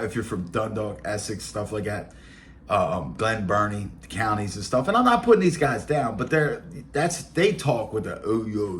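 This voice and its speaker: Man, late 40s, Baltimore accent, low-pitched, blunt, rambling, casual monologue, faint background noise. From Baltimore, Maryland. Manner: blunt, streetwise, rambling with fillers and asides. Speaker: podcast host.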